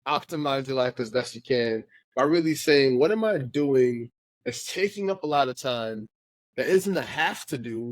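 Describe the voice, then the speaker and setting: Man co-host, mid-pitched, emphatic and animated, dry studio mic. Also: dry recording. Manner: emphatic, repeats words when excited, laughs easily. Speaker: podcast co-host. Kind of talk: casual podcast conversation.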